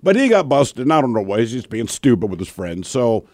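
A middle-aged man hosting a radio show, telling personal stories in a casual, animated way and laughing along. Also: mid-range voice, a little fast, no room sound, clean studio sound. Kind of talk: casual on-air storytelling.

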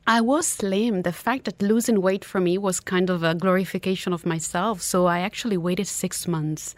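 Italian woman with a low, dry voice. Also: fairly even intonation, no echo. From Italy. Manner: open, earnest, slightly halting. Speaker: guest, author and motivational speaker. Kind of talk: personal story in an interview.

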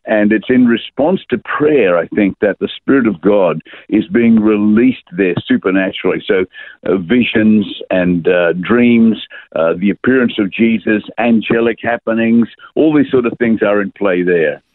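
An older man, an author and pastor, giving measured interview answers with frequent fillers. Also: lowish voice, dry recording. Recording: tinny phone-line sound.

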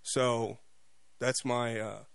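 A man's voice: medium pitch, flat delivery, gravelly, clean tone, no room sound. A male radio talk show host giving a mocking, opinionated monologue with many restarts and repeated words. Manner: fast, mocking, repeats himself.

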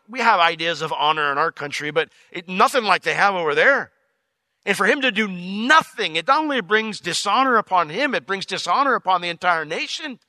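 Animated high-voiced male pastor preaching. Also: no room sound. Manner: animated, acts out biblical characters in casual modern speech; explains word meanings conversationally. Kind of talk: expository sermon.

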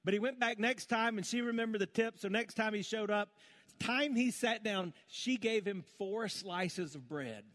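High-voiced male pastor telling homespun stories. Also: normal speed, fairly bright tone. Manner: storytelling with homespun humor. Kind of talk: sermon.

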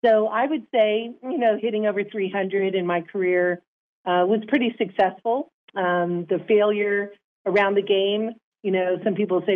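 A woman guest who is a former softball player, answering interview questions in an earnest, measured way. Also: medium pitch, steady tone. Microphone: phone line. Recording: tinny phone line.

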